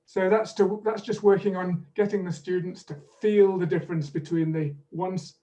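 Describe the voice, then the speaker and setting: A man presenting as a pronunciation teaching expert in an online webinar, explaining in a measured way and leading drills over a video call. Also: sits high, fairly even intonation, mellow, recorded from a distance.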